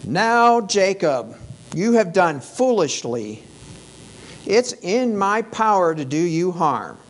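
Man putting on Laban, a loud taunting uncle. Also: on the high side, moderate pace. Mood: threatening. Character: scheming older male uncle, threatening and taunting.

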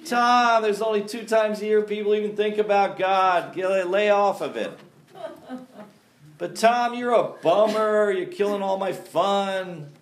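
A man voicing a whiny churchgoer who pleads to keep his beloved holidays, in a high, aggrieved tone. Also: measured pace, reverberant, slight background noise.

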